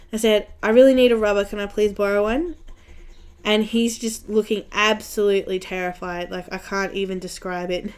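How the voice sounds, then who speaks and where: A woman's voice: mid-range voice, a bit bright, clear, resonant tone. A young Australian woman with an Australian accent chatting casually and telling a story, laughing often, while she colors on a live stream. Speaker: coloring channel host.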